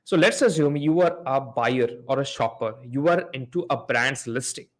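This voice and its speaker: A man runs a live online Q&A, walking viewers through examples on his shared screen. He explains step by step, often repeats himself, and asks the audience to type in answers. His voice sits in a middle pitch range for a man. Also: normal speed. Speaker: host of a live Amazon PPC Q&A session.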